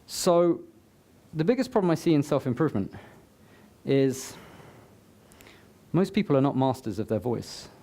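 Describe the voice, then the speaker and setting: A man's voice: mid-range voice, big pitch swings, normal speed, long pauses, dark tone. A man giving a motivational talk to a live audience, conversational, with joking asides to the crowd. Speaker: summit speaker. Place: live event before an audience.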